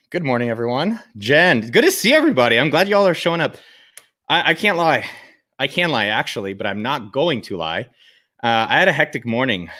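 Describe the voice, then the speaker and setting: A man's voice: medium pitch, expressive, moderate pace, bright, forceful tone, dry recording, clean studio sound. A man hosting live office hours from a friend's home, chatting casually, joking, swearing freely and greeting viewers by name. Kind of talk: casual livestream chat.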